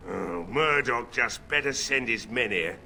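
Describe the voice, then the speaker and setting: An actor playing a weary, bitter old village blacksmith who has been drinking heavily, gruff in manner. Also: male voice, mid-range voice, animated, unhurried, bright, forceful tone, heavily acted. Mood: resigned. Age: older. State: drunk. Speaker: game character.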